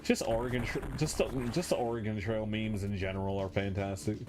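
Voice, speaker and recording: A man's voice: fairly low pitch, steady tone, fairly quick. A man streaming a game, chatting in a rambling, self-mocking way from his room at home. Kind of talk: casual chat while playing. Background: game music.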